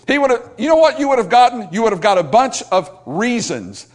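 Lively high-voiced male preacher. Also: fast talker, hardly any pauses. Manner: emphatic, repetitive preaching with call-and-response. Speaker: pastor. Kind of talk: sermon.

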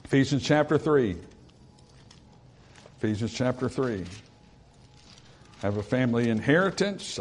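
A medium-pitched male voice carries this sermon as he reads scripture aloud and explains it plainly, almost like a chat. Along the way come casual asides with fillers, and passages that gather force through repetition and rising emphasis.

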